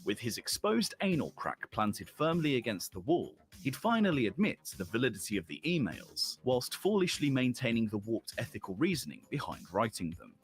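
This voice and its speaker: A man's voice: mid-range voice, very animated, moderate pace, few pauses. A man reading scripted documentary narration in a sardonic, wordy, mocking tone. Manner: sardonic, elaborate wording.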